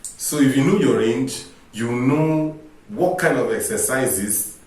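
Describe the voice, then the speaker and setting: A vocal coach gives an informal singing lesson to camera, explaining step by step and asking rhetorical questions, animated but unhurried. His voice is mid-pitched for a man, picked up by a distant mic in a strongly echoing room.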